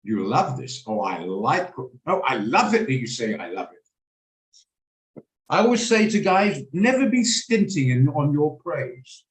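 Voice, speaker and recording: A man's voice: on the high side, sing-song, a little slow, hardly any pauses, roomy sound, rough recording. A man hosting a live trading lesson on a video call, explaining his orders and checking in with attendees by name. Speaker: trading room host. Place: home office on a video call.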